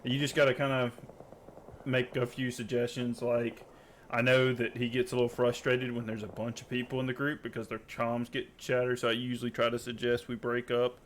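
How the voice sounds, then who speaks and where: A man's voice: mid-range voice, completely flat delivery. Easygoing man, faint background hiss. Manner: easygoing, measured, hesitant. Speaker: channel host and player. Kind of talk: casual chat while playing.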